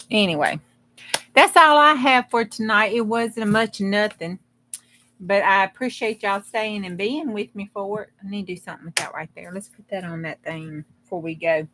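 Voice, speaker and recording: A woman's voice: medium pitch, normal speed, pushed and bright, slight background noise. A woman hosting a live crafting stream, chatting casually and rambling with folksy humor. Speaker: crafting livestream host. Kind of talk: casual livestream chat.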